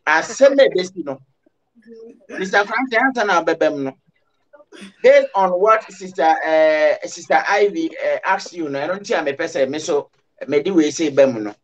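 A man's voice: a little high, lively intonation, measured pace, muffled recording, slight background noise. A Ghanaian man on a talk show, telling a long story in Twi with English words mixed in. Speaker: panelist.

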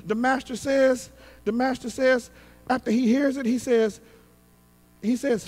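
High-voiced preacher in an echoing church. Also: male voice, steady tone, unhurried, long pauses. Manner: impassioned preaching, swinging from shouts to hushed tones; calls on the congregation to respond. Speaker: pastor. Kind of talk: sermon. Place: church sanctuary.

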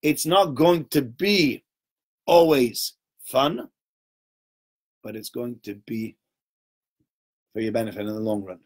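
A man giving an informal Torah talk to a small group, conversational and animated, often checking in with "right?" and acting out little voices. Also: medium pitch, slow, pauses often. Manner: acts out little voices and sounds while telling stories.

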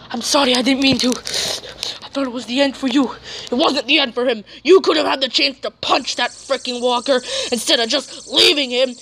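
High, gravelly woman acting out a drama. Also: fairly even intonation, moderate pace, a little hiss or hum. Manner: swings between shouted curses and hushed whispers. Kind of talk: homemade zombie drama, voicing every character.

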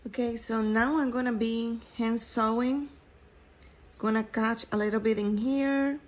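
A woman, not a native English speaker, explains sewing steps slowly, pausing and restarting phrases as she works. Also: fairly high pitch, steady tone, poor audio. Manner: slow, halting, with restarts. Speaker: sewing instructor. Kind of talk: step-by-step sewing tutorial.

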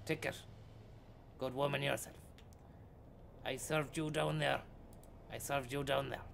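A man's voice: mid-range voice, fairly even intonation, a little slow, gravelly, fairly bright tone, slight background noise. An Irish man streaming a bus-driving game, chatting with passengers in a teasing way and repeating catchphrases. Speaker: streamer playing a bus driver. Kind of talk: comedic live-stream banter.

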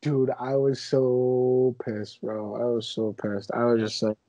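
A young man in his twenties hosting a casual podcast, telling stories with animated, mock-indignant energy. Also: mid-range voice, a little slow, hardly any pauses, dry recording, rough recording. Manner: animated storyteller, exaggerated indignation. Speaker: podcast host.

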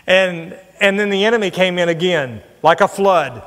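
A middle-aged man preaching a sermon, telling a personal story in an earnest, animated way. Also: high voice, unhurried, long pauses. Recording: long hall reverb.

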